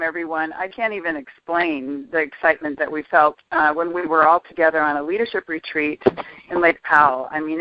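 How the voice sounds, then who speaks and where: A woman on a conference call, talking in an excited, chatty way with many fillers. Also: low voice, dry recording. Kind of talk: enthusiastic conference call talk. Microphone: telephone. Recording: dry, tinny phone line.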